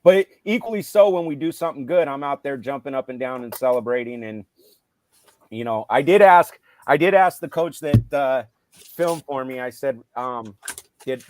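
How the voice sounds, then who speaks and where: A middle-aged man, a football coach, casually retelling stories from his games, getting loud and animated when he quotes himself. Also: mid-range voice, moderate pace. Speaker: high school football coach. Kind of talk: casual storytelling on a live show.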